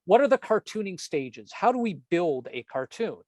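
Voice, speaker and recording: A man's voice: sits high, moderate pace, no echo. Joking man giving a storytelling talk. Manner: jokey asides, animated, self-interrupting. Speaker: presenter, comics editor and cartoonist. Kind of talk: storytelling presentation.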